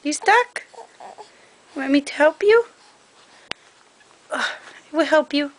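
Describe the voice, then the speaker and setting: A mother in a home video croons to her baby in a bright, high voice. She talks slowly and gently, cooing in sing-song baby talk and laughing along the way. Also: animated.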